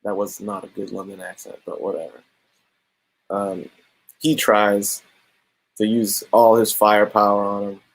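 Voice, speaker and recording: A man casually reviewing comics, telling the story in animated slang with quick asides. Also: lowish voice, low-quality recording.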